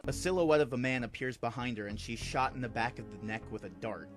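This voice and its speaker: A man's voice: medium pitch, brisk. A man casually narrating his fan film idea, loose and chatty, with fillers, over background music.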